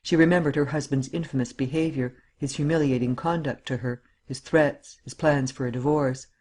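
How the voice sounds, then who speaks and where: A man reading a classic novel as an audiobook in a measured storytelling voice, acting out the dialogue. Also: mid-range voice, steady tone, a little mellow. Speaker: audiobook narrator. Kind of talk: scripted audiobook narration.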